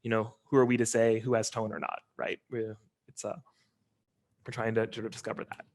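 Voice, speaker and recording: A man talks through an informal linguistics lecture via video call, easygoing and conversational, with lots of ums and uhs. His pitch is on the lower side, and he speaks fairly quickly.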